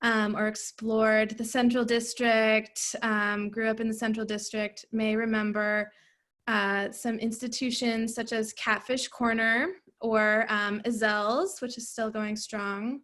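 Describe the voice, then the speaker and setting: A woman book editor presenting a cookbook on a video call, unhurried, with many fillers. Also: fairly high pitch, flat delivery, a bit bright. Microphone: computer mic on a video call.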